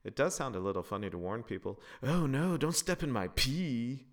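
A man voicing a gentle, patient mother who keeps fighting back giggles. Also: medium pitch, big pitch swings, normal speed, voice pushed up, lightly acted. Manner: gentle, stifling laughter.

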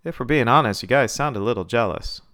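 A man's voice: medium pitch, fast, fairly bright tone, natural voice. A man voicing a confident, teasing young woman Marine officer in a read-aloud story. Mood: defiant.

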